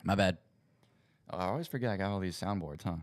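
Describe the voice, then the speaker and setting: A man's voice: low voice, fast talker, noisy background. A young man, rambling casually as the host of his own sports livestream. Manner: rambling, self-correcting, chatty. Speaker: podcast host. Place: home setup at a computer.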